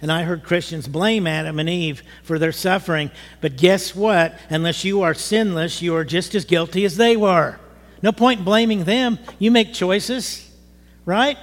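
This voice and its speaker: A middle-aged man preaching a sermon to his church, animated, rising to emphatic bursts. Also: sits high. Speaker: pastor. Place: church sanctuary. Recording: long hall reverb.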